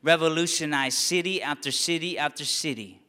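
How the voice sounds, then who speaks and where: A man preaching a sermon as a pastor, passionate and rising to near-shouts on key lines. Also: fairly high pitch, normal speed, in a large hall.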